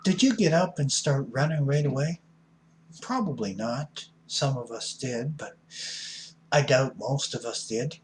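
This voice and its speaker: A man's voice: mid-range voice, lively intonation, measured pace, a little hiss or hum. A middle-aged man giving a blunt, folksy recovery talk as an addiction counselor, preachy and punching certain words hard. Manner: blunt, folksy, preachy with sudden loud emphasis.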